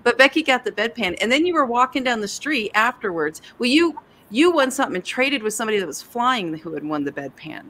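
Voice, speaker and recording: A woman's voice: a little high, very animated, brisk, a bit bright, a little hiss or hum. A woman hosting a casual livestream chat with a guest, chatty and laughing often. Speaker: host, author.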